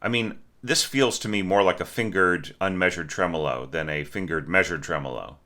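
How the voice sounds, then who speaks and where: A man with a very low voice talks through a student's orchestration as a teacher. His tone is bright and forceful, and he keeps the critique conversational, checking in with "right?" and singing short notes to show what he means. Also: normal speed. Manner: conversational, asks questions, sings short notes. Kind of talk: spoken score critique.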